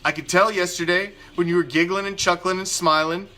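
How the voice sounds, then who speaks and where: A man's voice: sits high, fairly even intonation, brisk, sharp tone, soft background music. A man hosting a live fan show, ranting angrily and with heavy profanity about his team's quarterback. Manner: angry, profane, emphatic ranting with repetition. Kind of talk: ranting live sports commentary.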